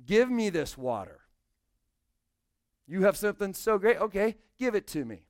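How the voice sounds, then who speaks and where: A man's voice: sits high, sing-song, moderate pace, no echo, clean studio sound, voice pushed up. A male pastor voicing a sarcastic Samaritan woman at the well in a sermon, mocking and questioning.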